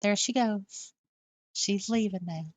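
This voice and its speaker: A woman's voice: mid-range voice, slow, a little mellow, no echo. A young woman live streaming from her home in casual chat, reading viewer messages aloud and talking to her cat.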